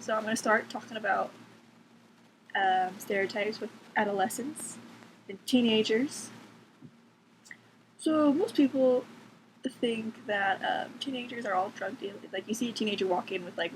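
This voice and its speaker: A woman's voice: mid-range voice, rough recording. A teenage girl ranting casually to camera from her bedroom, sarcastic, swearing freely and filling her talk with "like". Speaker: vlogger. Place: bedroom at home. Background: cats making noise.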